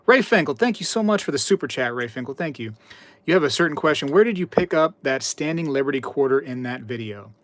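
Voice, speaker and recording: A livestream host with a high-ish, expressive voice talks fast on a casual stream. He's chatty and repetitive, reading chat messages aloud and telling anecdotes.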